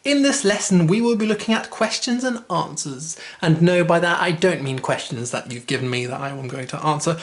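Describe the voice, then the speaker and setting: Casual language tutor, mid-pitched, chatty, self-correcting, slows for examples. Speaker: language teacher. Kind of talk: casual spoken lesson.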